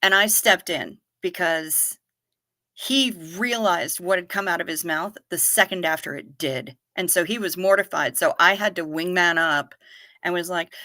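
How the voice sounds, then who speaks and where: A woman chats on her livestream, her voice bright and forward. She rambles, trips over restarts and swears freely while she answers viewers. The sound is dry and close, with no room around it. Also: lowish voice, moderate pace, no room sound. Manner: rambling, stammering restarts, profane and animated. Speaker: livestream host. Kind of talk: casual chat reading viewer comments. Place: home, livestream without camera.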